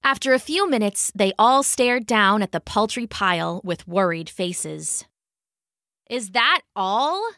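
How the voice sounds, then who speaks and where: A woman narrating a fantasy storybook in an expressive, lively way. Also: medium pitch, unhurried, few pauses, no echo, clean studio sound.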